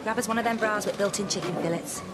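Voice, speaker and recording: A woman's voice: mid-range voice, fast, heavy background noise, natural voice. An actress playing a blunt, cheeky older woman in a wheelchair in a TV soap drama.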